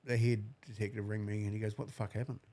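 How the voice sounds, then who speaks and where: A man's voice: on the low side, level tone, quick pace, dark tone. A man in his forties from New Zealand, a podcast guest telling a painful personal story bluntly and with heavy swearing. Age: 40s. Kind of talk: emotional personal account.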